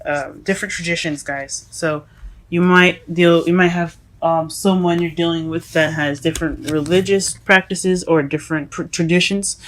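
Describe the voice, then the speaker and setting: A woman giving a casual tarot reading to her viewers, halting and self-correcting as she goes, often calling them "guys". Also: lowish voice. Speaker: tarot reader.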